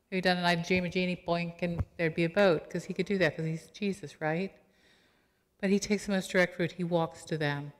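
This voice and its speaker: Woman pastor, low-pitched, conversational and playful sermon delivery, recorded with long sanctuary reverb. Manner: animated, acts out quotes with playful asides. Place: church sanctuary. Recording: long church hall reverb.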